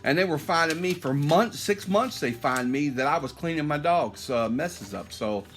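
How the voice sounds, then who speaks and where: A man's voice: fairly high pitch, expressive, normal speed, fairly bright tone, soft background music. Rambling man filming his home. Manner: rambling, repeats himself, conversational. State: short of breath at times. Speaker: homeowner vlogger. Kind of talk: casual walkthrough video. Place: inside his house and outside in the yard.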